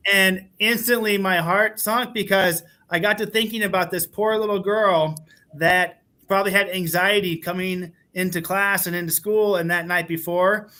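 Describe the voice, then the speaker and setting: A man's voice: sits high, steady tone, unhurried, bright, forceful tone. A man who is a school administrator, telling a heartfelt teaching story on a panel in an earnest way with many fillers.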